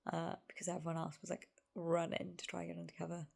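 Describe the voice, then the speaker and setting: A woman in her thirties chatting casually to camera as a vlogger, rambling with lots of asides and often slipping into a soft whisper. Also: fairly low pitch, monotone, quick pace, vocal fry. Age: 30s. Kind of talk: casual vlog chat to camera.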